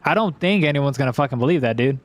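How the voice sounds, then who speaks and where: A man streaming a video game, commenting casually and excitedly with constant swearing. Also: medium pitch, fast.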